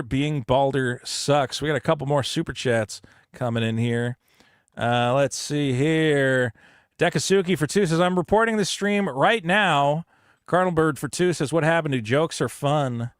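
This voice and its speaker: A man co-hosting a casual comedy podcast, reading super chats aloud and telling stories loudly with put-on panicked voices. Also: a little high, no echo, clean studio sound. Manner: loud, animated storytelling with put-on panicked voices.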